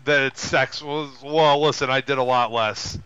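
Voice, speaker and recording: Smooth and moderately paced, a man's voice on a lo-fi recording belongs to a podcast co-host. He retells a film animatedly in casual chat, putting on high voices for the characters he quotes.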